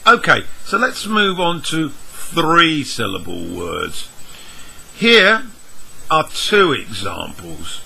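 A man teaching English vowel sounds, spelling out letters and sounds one at a time in a measured lesson. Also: a little high, wildly swooping pitch, gravelly, sharp tone, slight background noise, low-quality recording. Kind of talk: slow, deliberate lesson explanation.

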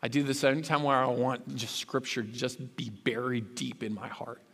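A man's voice: mid-range voice, fairly even intonation, normal speed, vocal fry, fairly bright tone. A man preaching a sermon as a pastor, earnest and rising to fervent emphasis. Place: church sanctuary. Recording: long hall reverb.

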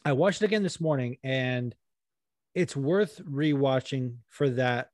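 A man co-hosting a casual sports podcast, animated and swearing freely, with lots of fillers. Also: mid-range voice, a little slow, no room sound, clean studio sound. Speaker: podcast co-host.

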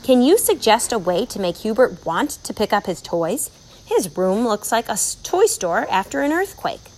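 A woman's voice: a little high, very animated, moderate pace, a little mellow, rough recording. A woman voicing a fussy, worried housewife and mother in a storybook reading, prim and exasperated.

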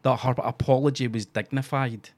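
A Scottish man holding forth in a casual chat, ranting and sarcastic, his talk full of swearing. His voice sits at an everyday middle pitch for a man. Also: steady tone, normal speed. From Scotland.

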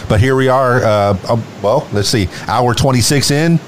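A man's voice: medium pitch, normal speed, slight background noise. A man hosting a podcast, talking casually and upbeat, hyping up his guest. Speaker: podcast host. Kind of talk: casual chat.

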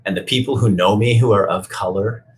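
A man's voice: lowish voice, brisk. A man telling a story and then speaking out in an emphatic, emotional and profane way. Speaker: speaker who reads stories to schoolkids. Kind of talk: storytelling and personal rant.

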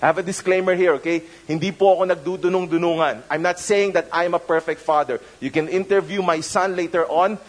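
A man's voice: sits high, fairly even intonation, brisk, hardly any pauses, low-quality recording. A middle-aged man with a Filipino accent, preaching a conversational sermon that slips into Tagalog phrases. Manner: conversational, mixes in Tagalog phrases, many restarts. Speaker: pastor.

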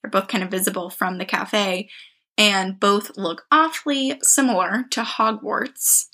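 A woman's voice: medium pitch, measured pace. A young woman co-hosting a podcast, casually telling a ghost story with lots of "like" fillers. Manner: animated storyteller, many "like" fillers. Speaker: podcast co-host.

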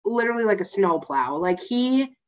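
A woman's voice: medium pitch, expressive, moderate pace, low-quality recording. A young woman co-hosting a podcast, telling a story in casual chat, swearing freely and laughing as she goes. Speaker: podcast co-host.

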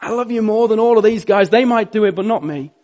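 A preacher acts out an impulsive, boastful disciple in a sermon retelling. The voice jumps well above his own and pushes loud and earnest. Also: fast, highs cut off, natural voice. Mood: fervent. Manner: high, loud, earnest protesting. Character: impulsive adult man disciple, boastful and loyal.

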